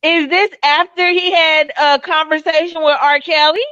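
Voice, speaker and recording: Woman ranting bluntly on her stream, high swinging voice, dull dry lo-fi sound. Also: moderate pace, dry recording. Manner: blunt, excitable, profane. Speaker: commentary channel host. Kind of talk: profane reaction commentary.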